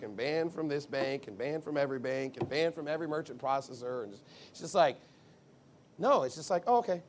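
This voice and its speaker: A man's voice: on the high side, a little hiss or hum. Blunt, rambling male preacher. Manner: blunt, emphatic, rambling with asides. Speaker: pastor. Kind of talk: conversational sermon.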